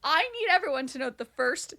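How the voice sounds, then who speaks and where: A woman's voice: sits high, expressive, a little fast, vocal fry, bright, forceful tone. A woman co-hosting a book podcast, chatting playfully and reading romantic passages with dramatic asides. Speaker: podcast co-host. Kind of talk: casual book chat, reading passages aloud.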